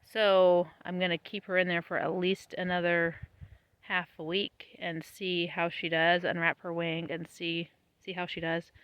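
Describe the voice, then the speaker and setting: A woman vlogging casually about her homestead, tired after planting, chatty and laughing often, her voice trailing off softly. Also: fairly low pitch, level tone, unhurried, smooth, no echo, dull audio. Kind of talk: casual vlog talk to camera. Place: outdoors on a small homestead.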